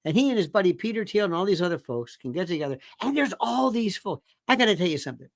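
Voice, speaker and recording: A man's voice: high-pitched, sing-song, quick pace, vocal fry, no echo. Middle-aged guy ranting on his talk show, repeats himself a lot, sarcastic, dry close sound. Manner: emphatic, repetitive, sarcastic. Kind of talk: ranting political commentary.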